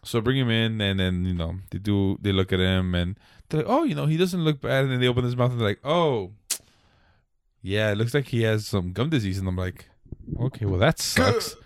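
A man's voice: fairly low pitch, fairly quick, clean tone, no room sound, clean studio sound. A man co-hosting a casual podcast, telling a rambling story full of swearing and acted-out dialogue. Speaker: podcast co-host. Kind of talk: casual chat.

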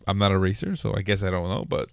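A man co-hosting a casual podcast, quick to swear and laugh, often stammering as he starts. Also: deep voice, gravelly, clean tone, dry recording, clean studio sound. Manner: lively, stammering restarts, swearing. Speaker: podcast co-host. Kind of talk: casual chat.

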